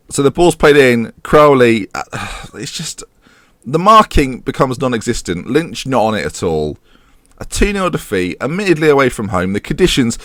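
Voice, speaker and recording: A man's voice: medium pitch, a bit bright, no echo, clean studio sound. A man giving casual, sarcastic let's-play commentary, slipping into mock match-commentator patter. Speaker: gaming YouTuber.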